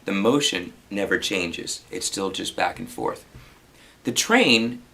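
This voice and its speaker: A man giving a relaxed spoken guitar lesson, explaining strumming and counting beats out loud. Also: deep voice, slow, vocal fry, rough recording. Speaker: guitar teacher.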